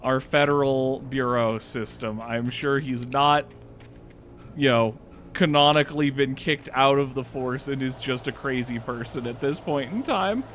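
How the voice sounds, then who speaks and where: A man's voice: medium pitch, unhurried, fairly bright tone, slight background noise. Chatty man with the hiccups. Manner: chatty, reacts aloud while playing. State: has the hiccups. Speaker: gaming channel host. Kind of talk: casual let's-play commentary. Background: game music.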